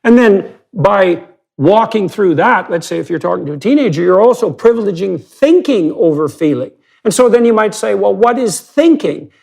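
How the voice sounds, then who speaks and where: A man's voice: high voice, expressive, normal speed, gravelly, a little mellow. A man hosting a long-form podcast conversation, talking emphatically and building his argument step by step with rhetorical questions. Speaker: podcast host.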